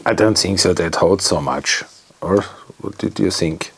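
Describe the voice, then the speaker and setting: At his workbench, a man mutters his way through an electronics repair, talking to himself in halting English. His voice sits low, and there's a little hiss or hum in the recording.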